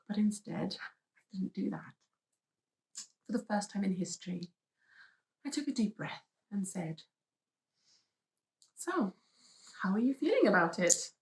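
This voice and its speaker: A woman's voice: medium pitch, creaky, roomy sound, poor audio. Emotional woman telling her story. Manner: emotional, dramatic retelling. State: pregnant. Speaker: vlogger. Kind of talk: personal story vlog.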